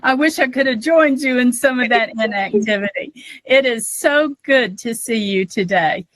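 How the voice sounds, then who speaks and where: An American woman co-hosts a political talk podcast, and in this casual chat she speaks emotionally and is close to tears. Her voice is medium-pitched, with no room sound in the recording.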